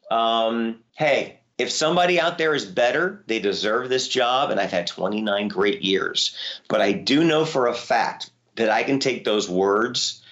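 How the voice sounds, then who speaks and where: A man who works as a voice actor, telling lively stories in an interview, his voice leaping high when excited. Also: highs cut off. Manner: animated storyteller, voice jumps high when excited. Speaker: voice actor guest. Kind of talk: interview conversation.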